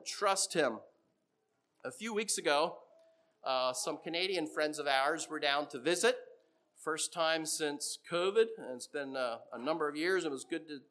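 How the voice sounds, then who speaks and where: A middle-aged man preaching a sermon in a church, telling stories and getting animated when he quotes other people. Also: a little high.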